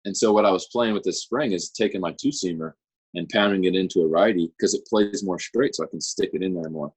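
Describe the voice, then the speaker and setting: Guest voice: young man, deep and husky, easygoing rambler with lots of "you know" and "um". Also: fairly quick. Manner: relaxed, rambling with fillers. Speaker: guest, pro baseball pitcher. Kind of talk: casual interview chat.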